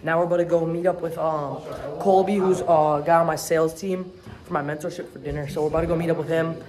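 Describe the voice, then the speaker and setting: A man's voice: on the high side, level tone, quick pace, a crowd in the background. A teenage boy music producer chatting casually in a hyped, slangy, rambling way to his vlog camera. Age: teens.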